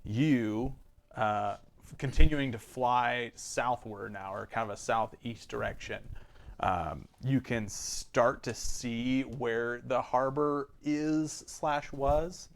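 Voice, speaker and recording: A man running a tabletop game as game master, narrating casually and often pausing on ums. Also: mid-range voice, gravelly.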